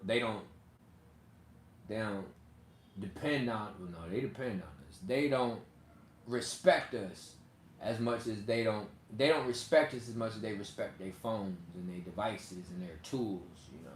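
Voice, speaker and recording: A man's voice: on the low side, a little slow. Man, channel host, rambling casual talk, echoey room, faint background hiss. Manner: loose, rambling, laughs often. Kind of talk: casual commentary to viewers.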